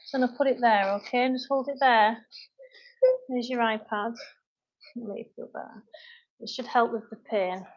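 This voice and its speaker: A chatty British woman in her thirties with a fairly high voice hosts a casual fitness livestream from her kitchen. She reads viewers' comments aloud and keeps stopping to look after her children. The sound is dull and lo-fi. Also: steady tone, normal speed, pauses often. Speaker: fitness coach. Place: home kitchen.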